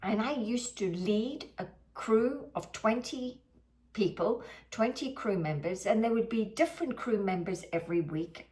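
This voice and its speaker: A middle-aged woman giving a motivational video talk, animated and expressive, sometimes acting out her own past thoughts. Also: medium pitch. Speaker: motivational speaker.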